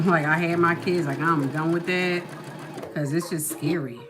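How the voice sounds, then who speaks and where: A woman vlogger chats casually in a low voice at a moderate pace with fairly even intonation. She tells stories packed with asides, while music plays behind her voice.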